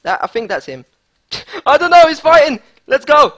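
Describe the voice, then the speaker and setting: A man giving excitable live gameplay commentary as a gaming YouTuber, hyped and repeating himself. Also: very high voice, moderate pace.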